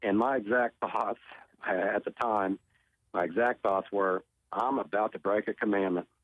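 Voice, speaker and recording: A man's voice: on the low side, steady tone, normal speed, no room sound. Man telling his story over a phone line. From Oklahoma. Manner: earnest, restarts and repeats words. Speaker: tornado survivor guest.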